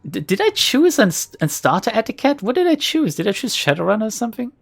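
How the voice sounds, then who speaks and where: A woman's voice: a little high, sing-song, fast, vocal fry. A woman streamer giving casual, jokey commentary on a video game she plays, reading narration and laughing at herself. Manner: jokey, self-mocking, often laughing. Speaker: let's play streamer.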